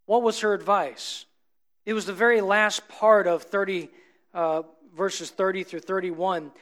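A man preaching a sermon, asking the congregation rhetorical questions and swinging between emphatic peaks and low, soft drops. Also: steady tone, measured pace.

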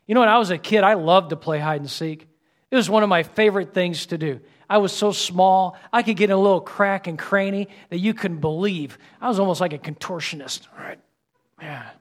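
High-pitched and a little fast, a middle-aged male pastor preaches with energetic delivery, moving back and forth between loud exclamations and hushed lines.

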